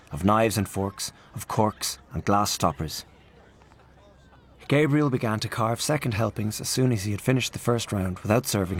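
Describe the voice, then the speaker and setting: A man reading a literary story aloud in a measured, expressive storytelling manner. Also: lowish voice, a little hiss or hum. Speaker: audiobook narrator. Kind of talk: literary audiobook narration.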